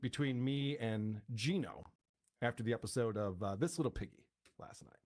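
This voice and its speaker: A man's voice: mid-range voice, moderate pace, a little mellow. A male streamer casually explaining and commenting on a show he is watching. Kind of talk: livestream commentary.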